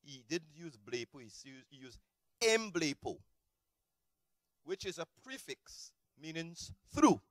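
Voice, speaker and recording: A man preaching a sermon as a pastor, animated, swinging between shouted peaks and low, quiet asides. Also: slow pace, no room sound.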